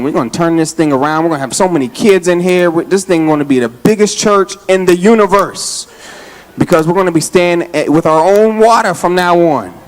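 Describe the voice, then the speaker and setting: A man, an associate pastor, preaching a lively sermon to his congregation, casual and joking, out of breath as he talks. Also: on the high side. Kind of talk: lively Father's Day sermon. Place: church sanctuary.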